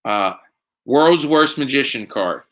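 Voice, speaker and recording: A man's voice: medium pitch, expressive, slow pace, a bit bright. A man hosting a casual live stream from home, tipsy from drinking, rambling and joking with lots of fillers. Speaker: host.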